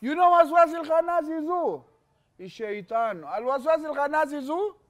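A young man with a very high voice teaches children in a lively, animated way. He acts out scenes and keeps the kids answering with call-and-response questions. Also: moderate pace, lo-fi sound. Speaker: children's religious teacher and host. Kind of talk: interactive children's lesson.

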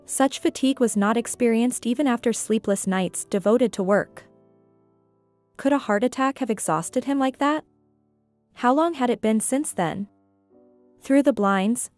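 Woman, story narrator, higher voice, measured reading, faint music behind. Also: darkish tone.

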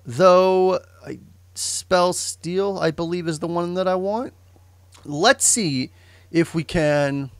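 A young male streamer offers rambling, offhand commentary on his game, often fixing what he just said and adding jokes. His voice is a little high with a clean tone, captured in a dry recording.

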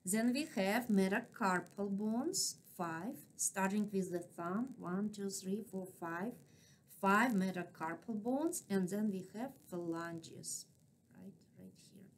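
A woman with a non-native English accent, lecturing on anatomy at an unhurried pace. She names each part slowly and keeps asking if the class is following. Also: mid-range voice, a little hiss or hum. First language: not English. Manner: patient, checks in with frequent "right?". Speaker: anatomy instructor.

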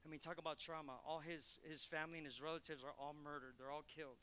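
A man's voice: a little high, flat delivery, fast talker, bright, forceful tone, clean tone. A male pastor preaching a conversational sermon in church, telling stories and acting out quotes. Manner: conversational, storytelling with acted quotes.

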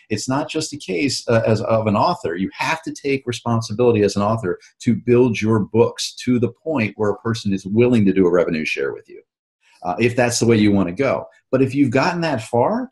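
A man's voice: fairly low pitch, darkish tone. A man, an author and show host, talking casually in an interview and explaining at length with frequent restarts.

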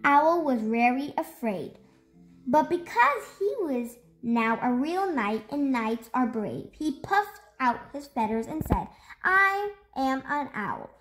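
Slow, expressive woman reading a picture book. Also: high-pitched, soft background music. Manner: expressive, slow storytelling with drawn-out words. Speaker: storytime host. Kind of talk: children's picture book read-aloud.

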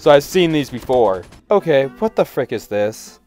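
A man giving excitable reaction commentary to memes, with loud outbursts and frequent laughter. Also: medium pitch, moderate pace, faint music behind.

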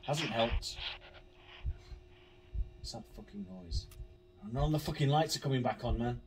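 A man's voice: mid-range voice, moderate pace, recorded from a distance, slight background noise. A man commentating a horror game, swearing a lot, jumpy and sarcastic. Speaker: gaming YouTuber.

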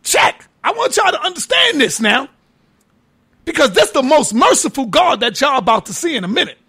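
A man giving a heated, profane preaching-style lecture, mocking his critics and often shouting for emphasis. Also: very high-pitched, sing-song, moderate pace. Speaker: religious lecturer.

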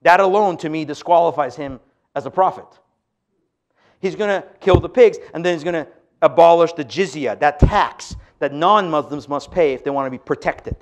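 A man's voice: a little high, normal speed. A man giving an emphatic sermon-style lecture to an audience, asking rhetorical questions. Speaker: speaker on religion.

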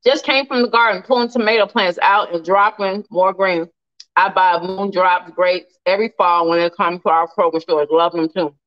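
A woman hosting a casual live cooking stream, animated and laughing often as she reads viewer comments aloud. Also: fairly low pitch, normal speed, muffled recording.

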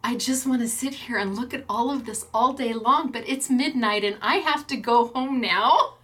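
A middle-aged woman hosting a craft class from her store, gushing and emotional over handmade gifts, laughing often and talking slowly and fondly. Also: fairly high pitch, a bit bright, husky. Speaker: craft store owner and host. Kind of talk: unboxing and showing crafts on a class video.

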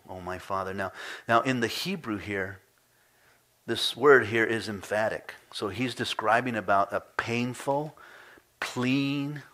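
Bright-voiced male pastor preaching. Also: on the low side. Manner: dramatic scripture reading, rising to pleading cries then dropping quiet. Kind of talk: expository sermon. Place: church sanctuary.

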